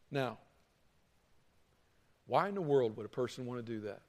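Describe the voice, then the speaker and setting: A man's voice: mid-range voice, lively intonation, normal speed, pauses often, darkish tone. A man preaching a sermon as pastor, talking in a conversational way and acting out quarrels between people. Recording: hall reverb.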